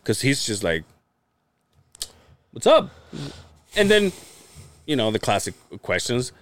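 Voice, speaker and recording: Here a man with a mid-range voice talks at a moderate pace, with no room sound. As a podcast co-host in casual conversation, he recounts family stories animatedly, performing their quotes, cursing and laughing often.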